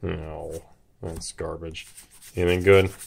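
A man hosting a card-opening video, talking in a hyped, jittery way and shouting at big pulls. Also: sits low, flat delivery, takes it slowly, creaky. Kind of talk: excited casual commentary.

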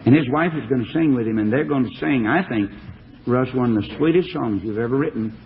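A man's voice: mid-range voice, fairly quick, gravelly. A man preaching a folksy, emphatic sermon full of stories, as an evangelist introducing singers and opening a Bible lesson. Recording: tinny old phone-like archive recording.

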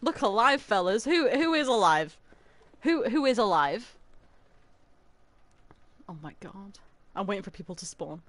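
A young adult woman streaming a video game in casual chat, excitable and dramatic, often gasping and laughing. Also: medium pitch, a little slow, pauses often, no echo.

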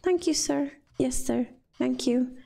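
A woman's voice: high-pitched, takes it slowly, creaky, dark tone, heavily acted. A woman reading an earnest job-seeking husband. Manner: polite, earnest pleading. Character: worried immigrant husband, job seeker.

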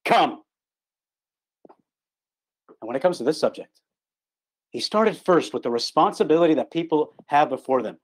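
A man's voice: fairly high pitch, lively intonation, moderate pace, long pauses. A man preaching an online gospel sermon in an earnest, emphatic way, repeating his key words for stress. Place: online call.

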